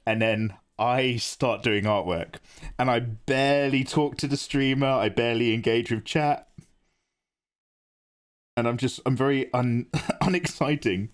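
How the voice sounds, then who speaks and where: A man's voice: mid-range voice, measured pace. A man streaming his drawing live, chatting casually and self-deprecatingly while he explains his choices. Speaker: art streamer.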